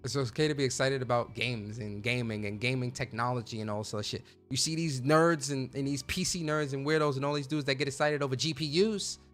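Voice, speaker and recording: Man, gaming podcast host, casual rant, cursing, stammers and repeats, crisp bright tone, faint music behind. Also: medium pitch, a little fast, hardly any pauses. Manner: profane, emphatic, stammering repeats.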